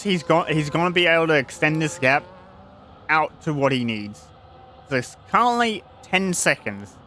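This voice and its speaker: A man's voice: a little high, expressive, moderate pace, sharp tone, a little hiss or hum. A young man giving casual live commentary on an online sim racing league, rambling and restarting sentences. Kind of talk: live esports race commentary.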